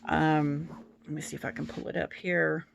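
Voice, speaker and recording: A woman's voice: low voice, level tone, moderate pace, vocal fry. A woman telling a story in a casual home vlog as a tarot-reading YouTuber, in a meandering, hesitant way.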